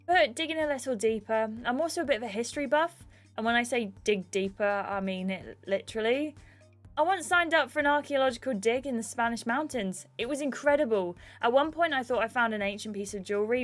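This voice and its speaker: A woman's voice: on the high side, close to an everyday voice. A woman reading as a cheeky goofy young guy.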